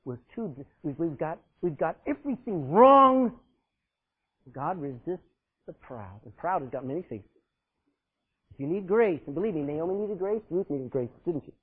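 A man with a fairly high, husky voice preaches a sermon, swinging between loud, urgent bursts and hushed, low passages. The sound is thin and tinny, like a phone line. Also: sing-song, moderate pace.

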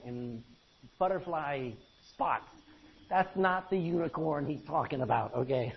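Preacher guy calling out amens, up and down loud and soft, muffled old tape sound. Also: a little high. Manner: emphatic, swinging from loud to quiet; folksy, calls for amens. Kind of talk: sermon. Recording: dull lo-fi recording.

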